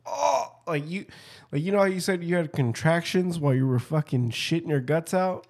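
A man's voice: on the high side, a little fast, darkish tone. A man in casual crude banter, swearing freely and laughing between mocking impressions.

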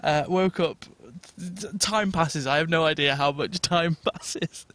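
A man on a podcast telling a long, funny story in a casual, animated way and laughing as he goes. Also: on the high side, a little slow. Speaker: podcast co-host.

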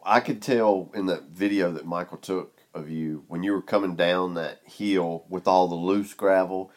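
Very deep-voiced teasing man. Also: steady tone, normal speed. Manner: teasing, dry joking. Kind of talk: casual chat.

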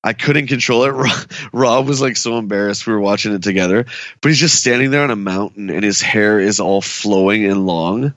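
A man's voice: on the low side, a little fast, dry recording. A man co-hosting a pop culture podcast, telling stories with energy and acting out what people said in a raised voice. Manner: animated storyteller, acts out quotes in raised voice. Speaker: podcast co-host. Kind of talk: casual chat.

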